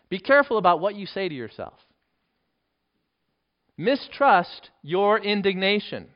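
A pastor preaches earnestly and emphatically, his voice a little high for a man, with big pitch swings, a slightly slow pace, and frequent pauses. On key points he drops to a hush. The recording sounds dull and lo-fi.

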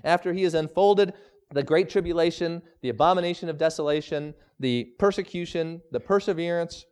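A man preaching a sermon as pastor, emphatic, slowing down to stress scripture quotes. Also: fairly high pitch, darkish tone, smooth.

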